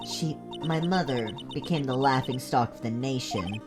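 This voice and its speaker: A woman's voice: rumbling low, normal speed, hardly any pauses. A woman streamer casually reading all the game's dialogue aloud in her own voice, joking between lines. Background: game music.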